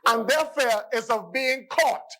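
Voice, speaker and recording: Man, Bahamian accent, parliamentary debate speech, high voice, forceful and insistent, repeats phrases for emphasis. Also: unhurried, poor audio. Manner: emphatic, repeats "Mister Speaker" and phrases for stress. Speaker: member of parliament. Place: parliament chamber.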